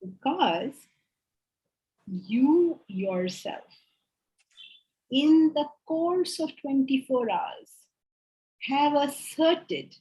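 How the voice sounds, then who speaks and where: A woman's voice: a little high, expressive, very slow, pauses often, a little mellow, poor audio. A woman teaching a philosophy class, making emphatic points and putting rhetorical questions to her students. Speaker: spiritual teacher.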